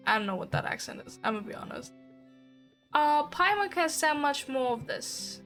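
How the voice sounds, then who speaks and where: A woman streaming a video game, talking casually in an excitable way, swearing freely and laughing often. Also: high-pitched, normal speed, soft background music. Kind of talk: casual gaming livestream.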